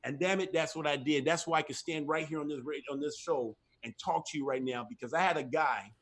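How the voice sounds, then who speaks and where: A man's voice: fairly high pitch, brisk, a bit bright. A middle-aged man speaking from home as a guest on a ministry talk show, giving an impassioned testimony in an emphatic, repetitive, preacherly cadence.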